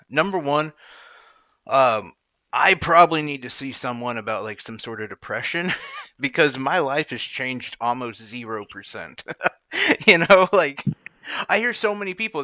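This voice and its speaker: A man's voice: mid-range voice, bright, forceful tone, no room sound. A man co-hosting a casual chat, joking about himself and laughing often. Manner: self-deprecating, laughs often. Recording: dull, lo-fi sound.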